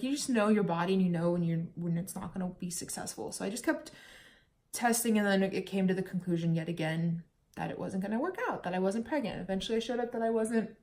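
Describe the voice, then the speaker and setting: A young woman from the United States telling her own story in a candid, chatty vlog, at times holding back tears. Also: mid-range voice. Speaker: vlogger.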